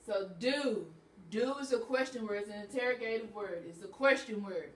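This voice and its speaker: A woman's voice: mid-range voice, moderate pace, slight background noise. Woman teacher explaining patiently. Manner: patient, explains step by step with repetition. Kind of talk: classroom grammar lesson. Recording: echoey room, voice from a distance.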